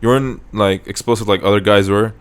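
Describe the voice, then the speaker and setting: A man's voice: on the low side, fast. A young man hosting a podcast, chatting casually and telling rambling stories with frequent restarts. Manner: relaxed, rambling storytelling with restarts. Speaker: podcast host. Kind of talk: casual chat.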